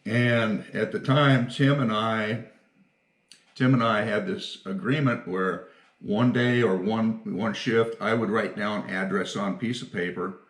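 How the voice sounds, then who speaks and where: An older retired firefighter telling stories in a casual interview, folksy and quick to laugh. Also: male voice, on the low side, fairly even intonation, reverberant.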